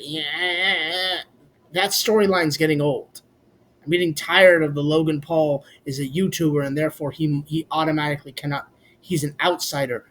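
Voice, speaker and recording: A man's voice: on the high side, steady tone, brisk, a bit bright, a little hiss or hum. A man giving a blunt, casual, opinionated recap for his vlog, swearing freely and talking straight to his viewers. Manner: blunt, swears casually, addresses fans as "boys". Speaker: wrestling commentary vlogger.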